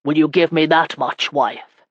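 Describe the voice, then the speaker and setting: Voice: medium pitch, steady tone, unhurried, slightly rough, no echo, lo-fi sound. A narrator reading a stern medieval lord. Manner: firm, clipped orders. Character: stern medieval knight lord, commanding and proud. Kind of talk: audiobook character reading.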